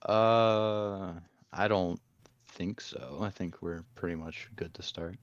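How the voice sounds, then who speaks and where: A man player in a tabletop game who speaks in a flat monotone. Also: sits low, slow, no room sound. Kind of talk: casual chat. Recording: dull lo-fi mic.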